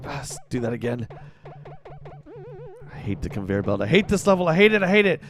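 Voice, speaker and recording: A man giving excitable live commentary while playing a game, yelling and groaning at it. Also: mid-range voice, brisk, long pauses, soft background music. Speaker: livestreamer.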